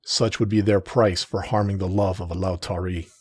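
Soft-spoken man narrating a story. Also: low voice, fairly even intonation, normal speed, slightly rough, no room sound, clean studio sound. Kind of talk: first-person story reading.

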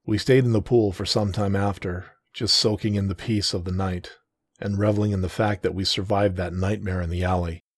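A man reading a first-person romance story aloud in a soft, tender, measured way. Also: low-pitched, fairly even intonation, husky, no echo. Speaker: narrator.

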